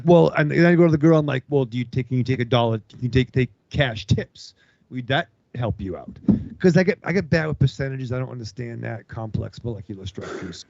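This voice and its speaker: Man, gravelly, animated, swearing storyteller; dry, dull podcast sound. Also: medium pitch, dry recording. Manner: animated, swearing, acts out other people's lines. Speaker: podcast co-host. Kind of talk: casual storytelling with profanity.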